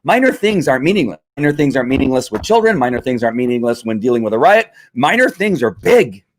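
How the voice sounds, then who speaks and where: A man's voice: medium pitch, very animated, fast. A man hosting a live stream, explaining dog training in a conversational, repetitive teaching manner with fillers. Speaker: livestream host and dog trainer.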